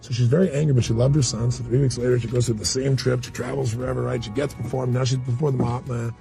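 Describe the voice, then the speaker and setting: A man's voice: medium pitch, little pitch movement, racing, gravelly, mellow, faint music behind. A man speaking as a motivational speaker in a candid interview, blunt and full of stories, acting out quotes. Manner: storytelling, blunt, acts out quotes.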